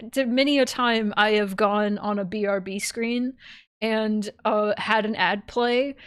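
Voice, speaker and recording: A woman livestreaming a game and chatting casually, animated, laughing often and swearing freely. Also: on the high side, clean tone. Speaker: streamer.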